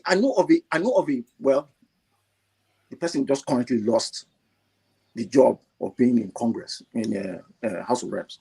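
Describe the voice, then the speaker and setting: A man calling in over a video call, talking with strong feeling and pushing his pitch up as he gets emotional. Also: creaky, husky. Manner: impassioned, rising to high emotional pitch, repeats himself. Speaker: caller. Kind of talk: passionate online call-in talk.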